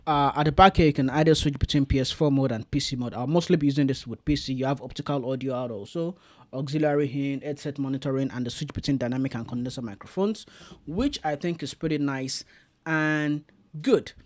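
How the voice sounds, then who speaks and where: A man's voice: medium pitch, a little fast. A man giving a casual, chatty review of a streaming mixer, showing the features as he goes. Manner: chatty, demonstrating gear live. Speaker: tech reviewer.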